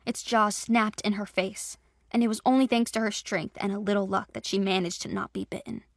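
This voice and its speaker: A woman's voice: mid-range voice, steady tone, a little fast, no echo, studio quality. A woman narrating a fantasy audio drama with dramatic storytelling.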